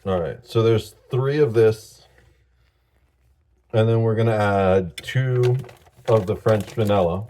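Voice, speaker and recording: Worn out guy vlogging, kinda breathless, slow rambly talk, low-ish voice. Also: mellow. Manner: rambling, halting, with fillers and laughs. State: sleep deprived and tired. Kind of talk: casual vlog chat.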